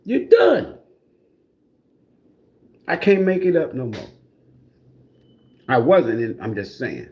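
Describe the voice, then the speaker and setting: A man's voice: medium pitch, very animated, unhurried, pauses often, a little hiss or hum. A man giving a casual livestream tarot reading in a blunt, profane, mocking way. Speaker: tarot reader.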